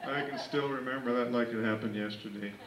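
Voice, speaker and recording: A man's voice: mid-range voice, fairly quick. A man in his thirties telling rambling, folksy family stories in a casual party speech. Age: 30s. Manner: folksy, rambling storytelling with fillers. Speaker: grandson giving a party speech. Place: indoor family birthday party. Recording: echoey room, distant camcorder mic, faint hiss.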